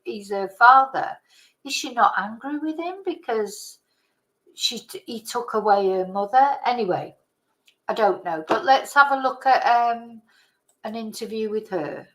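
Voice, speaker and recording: A woman talks through a news case on her channel and reads articles aloud. She speaks slowly and hesitantly and trips over hard names. Her voice sits a little high. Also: fairly bright tone, rough recording. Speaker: channel host. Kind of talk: casual commentary, reading articles aloud.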